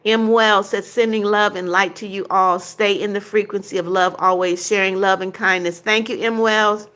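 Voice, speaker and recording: A woman's voice: mid-range voice, steady tone, normal speed, fairly bright tone. An older woman hosting a livestream, reading viewers' chat comments aloud and answering each one briefly in a casual way.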